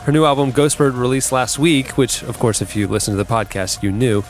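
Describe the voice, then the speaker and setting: A man hosting a casual podcast, relaxed and self-deprecating as he runs through the week's releases. His voice sits at an ordinary middle pitch. Faint music plays under the chat. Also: a little fast. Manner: chatty, self-deprecating, reads release news. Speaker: podcast host.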